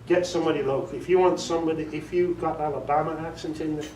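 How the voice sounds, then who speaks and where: A little high and darkish, with a steady tone, the voice of a British man moves fast through an informal workshop talk he gives as an audiobook director. He's chatty and jokes with the small meeting-room audience he quizzes. The sound is echoey, distant from the mic, with faint noise.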